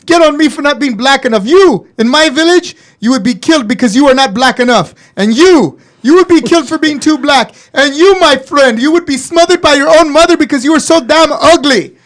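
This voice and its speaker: A man voicing a proud, blunt villager man who scolds a group in a slow lilting cadence, told in a podcast story. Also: very high-pitched, expressive, fairly bright tone, pitched above the performer's own voice. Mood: indignant.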